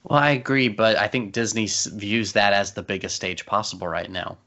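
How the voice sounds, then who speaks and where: Bright-voiced man chatting fast and eagerly. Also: fairly low pitch. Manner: fast, excitable, many restarts. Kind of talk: casual podcast chat. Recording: dull lo-fi sound.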